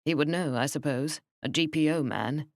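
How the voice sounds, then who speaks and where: Low-voiced woman narrating an audiobook. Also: no room sound, clean studio sound. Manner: measured, wry. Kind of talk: scripted narration.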